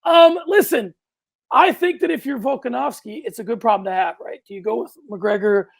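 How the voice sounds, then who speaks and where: Man, podcast co-host, gravelly voice, animated, rambling, loud outbursts. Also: extremely high pitch, moderate pace. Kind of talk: casual sports podcast chat.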